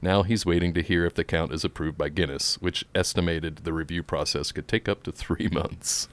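A man's voice: low voice, fairly even intonation. A man co-hosting a casual podcast, reading a news item and bantering with frequent laughs. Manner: laughs often, quick banter. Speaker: podcast co-host.

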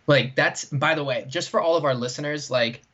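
Male co-host, husky voice, rambling anecdote style with many fillers, lo-fi dull recording. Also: fairly high pitch, moderate pace, fairly bright tone. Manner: rambling, heavy use of "like" and "right?". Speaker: podcast co-host. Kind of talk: casual storytelling chat. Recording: dull lo-fi sound.

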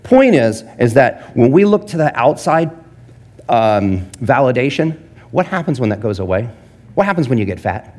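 Animated man preaching a casual sermon. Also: mid-range voice, normal speed. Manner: animated and jokey, asks the audience questions. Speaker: pastor.

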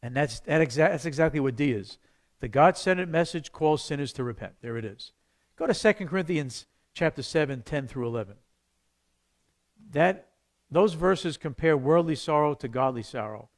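A man, a pastor, teaching a church evangelism class in a conversational, animated way, acting out the voices he quotes. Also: a little high, normal speed.

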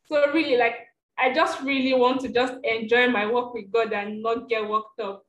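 A woman's voice: a little high, steady tone, moderate pace, lo-fi sound. A woman sharing her faith on a call, rambling, reflective and apologetic as she goes. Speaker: participant. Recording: roomy call with faint hum.

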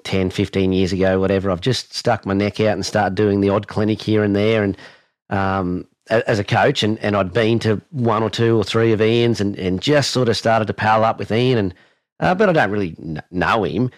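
A man's voice: fairly low pitch, normal speed, no room sound. An Australian man hosting an interview, chatting casually and telling an anecdote in a matey way. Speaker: podcast host and horse coach.

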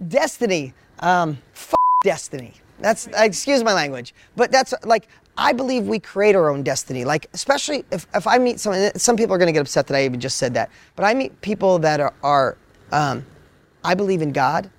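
A man telling his story on a motivational panel, energetic and full of repeated words. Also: high voice, a little fast. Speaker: business coach.

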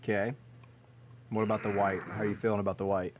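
A man hosting a casual beer tasting chat, joking and easily excited. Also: lowish voice, quick pace, slight background noise. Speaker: host.

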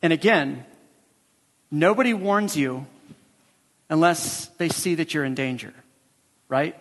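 A man's voice: on the high side, lively intonation, takes it slowly, in a large hall. A male pastor preaching a sermon, emphatic and repeating his key phrases for weight.

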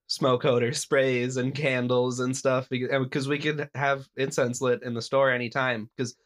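A man's voice: medium pitch, normal speed. A young man from the American Midwest, co-hosting a podcast in casual chat and laughing often. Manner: laughs often, relaxed and chatty. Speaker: podcast co-host.

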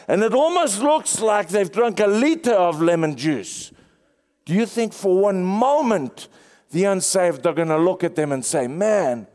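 A male pastor preaching a sermon, swinging between excited highs and hushed lows. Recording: long reverb.

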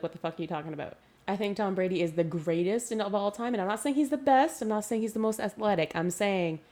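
A woman co-hosting a podcast, chatting casually about politics and sport. She talks in an animated, sweary way and laughs often. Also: mid-range voice. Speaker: podcast co-host. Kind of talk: casual chat.

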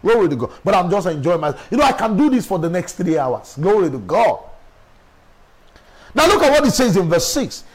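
High, animated male preacher. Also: brisk, slightly rough, rough recording. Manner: emphatic preaching with rhetorical questions. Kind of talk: sermon.

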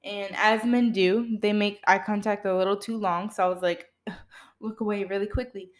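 A woman's voice: mid-range voice, steady tone, unhurried. A young woman telling a story in a blunt, sassy and exasperated way, laughing between lines. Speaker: vlogger. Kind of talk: casual storytelling rant.

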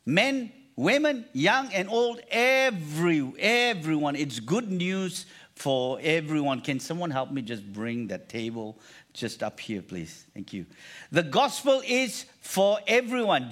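Male pastor, lively, slightly higher voice, preaching energetically with call-and-response. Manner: animated, repeats phrases, calls for congregation response. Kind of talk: sermon.

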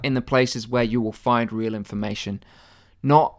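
A man delivering a deadpan satirical conspiracy monologue, mock-earnest and rambling, with stammered restarts and swearing. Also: medium pitch, normal speed.

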